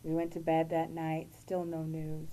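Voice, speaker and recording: A woman guest giving an earnest, halting personal testimony. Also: low-pitched, monotone, dark tone, a little hiss or hum, poor audio.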